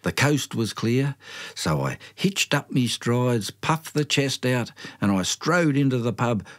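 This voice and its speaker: Older Australian bloke, colloquial yarn-spinner, self-mocking storytelling. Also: male voice, medium pitch. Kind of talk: spoken storytelling.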